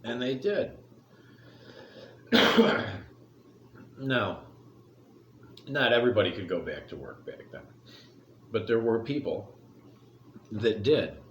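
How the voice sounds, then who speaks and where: A man's voice: fairly low pitch, big pitch swings, slow, long pauses, muffled recording. Middle-aged man, blunt profane rant, rambling, roomy echo, faint background noise. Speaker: commentary vlogger. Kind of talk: casual opinion rant. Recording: echoey room.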